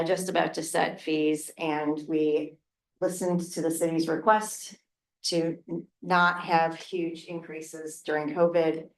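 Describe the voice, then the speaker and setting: A woman's voice: deep voice, recorded from a distance. A middle-aged woman, a regional council president, speaking candidly and chattily at a council work session. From Oregon. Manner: candid, chatty, frank, with laughs and filler words. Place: city council meeting room. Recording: roomy meeting room with faint noise.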